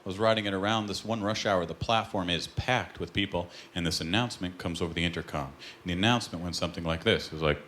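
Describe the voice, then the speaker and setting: A Canadian man doing a stand-up comedy set on a club stage, telling stories with deadpan punchlines. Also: deep voice, fast, few pauses, background noise. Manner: lively, deadpan punchlines, acted-out quotes. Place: comedy club stage before a live audience. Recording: live club recording with loud crowd. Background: loud audience laughter.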